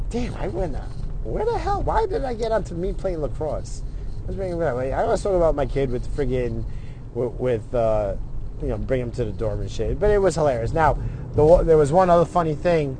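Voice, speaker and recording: A man's voice: mid-range voice, animated, normal speed, mellow, a little hiss or hum. A middle-aged man telling a story in a casual, profane way, acting out what other people said in his own voice.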